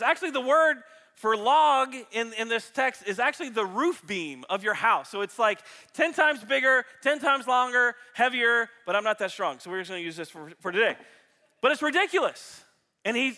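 A man preaching a sermon to his church, animated and jokey, acting out his illustrations for the congregation. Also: extremely high pitch. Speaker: pastor. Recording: reverberant hall.

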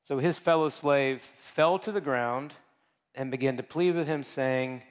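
A man preaching a sermon in a conversational, joking way, speeding up and slowing down as he explains. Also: mid-range voice, long reverb tail. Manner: conversational and joking, with big swings in pace. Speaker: pastor.

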